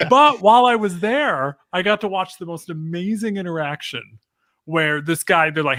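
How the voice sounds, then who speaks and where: A man's voice: sits high, animated, normal speed, fairly bright tone, no echo, studio quality. A man, a guest comedian, chatting casually on a podcast, telling jokey stories and acting out the people in them. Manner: storytelling, jokey, acts out quoted people.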